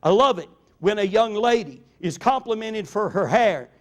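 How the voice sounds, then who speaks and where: Older pastor, man, fairly high voice, earnest sermon storyteller. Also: expressive. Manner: earnest storytelling, slows down for emphasis.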